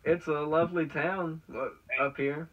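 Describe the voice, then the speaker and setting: A fairly high-voiced man with a Southern American accent asks questions eagerly and laughs a lot. He sounds far from the mic, with dull, muffled audio. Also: fairly even intonation, a little slow. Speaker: interviewer. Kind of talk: casual chat. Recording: distant muffled call audio.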